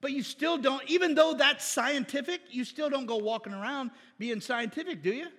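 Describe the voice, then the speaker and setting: A man preaching a sermon in a lively, joking way, asking the crowd rhetorical questions and acting out mock voices. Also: very high voice, normal speed, hardly any pauses, breathy edge, long reverb tail. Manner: animated, jokey, acts out mock voices and asks rhetorical questions.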